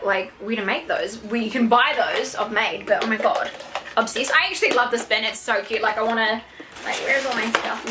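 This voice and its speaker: This is a young woman with a New Zealand accent, filming an unboxing vlog at home. Her voice is bright and forceful and sits a touch high. She gushes over every item with gasps and squeals, and a faint hiss sits under the recording. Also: rough recording. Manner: gushing, excitable, gasps and squeals often. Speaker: YouTuber.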